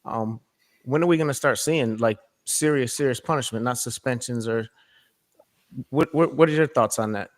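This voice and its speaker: A man joining a livestream chat who poses earnest, searching questions. His voice sits at a typical middle pitch. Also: moderate pace. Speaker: livestream guest asking questions.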